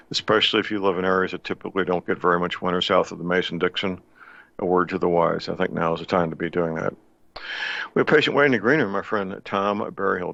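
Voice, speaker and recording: Gravelly deep-voiced male radio host. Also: fairly bright tone, no room sound. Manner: folksy and deliberate, with frequent uh fillers. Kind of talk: radio talk show. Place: home studio in the Missouri Ozarks. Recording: dull lo-fi dry studio sound.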